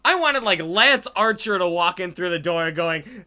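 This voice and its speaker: A man's voice: high-pitched, expressive, unhurried, hardly any pauses, sharp tone. Profane, sarcastic man ranting. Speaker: wrestling show reviewer. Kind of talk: casual ranting commentary.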